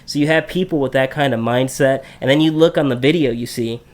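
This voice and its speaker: A man's voice: mid-range voice, a little fast. Man musing aloud with frequent tag questions. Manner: thinks aloud, many restarts and tag questions. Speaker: podcast host. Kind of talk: casual discussion.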